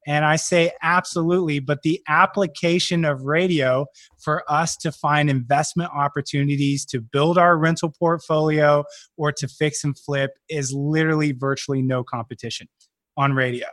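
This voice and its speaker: A man with a slightly high speaking voice talks through his business as a podcast guest. He sounds confident and orderly, laying things out point by point, recorded dry and close. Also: fairly even intonation, normal speed, fairly bright tone, no room sound. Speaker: real estate investor guest. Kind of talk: podcast interview.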